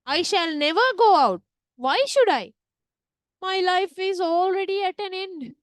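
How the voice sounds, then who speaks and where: A woman's voice: extremely high pitch, measured pace, no room sound. A woman reading a melodramatic grieving young widow. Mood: mournful. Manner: theatrical, declaiming.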